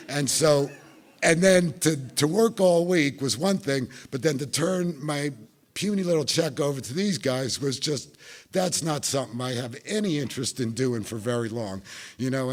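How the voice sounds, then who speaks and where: A middle-aged man from New Jersey with a New Jersey accent, telling his recovery story at a meeting with wry, self-mocking humor. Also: mid-range voice. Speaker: speaker sharing recovery story.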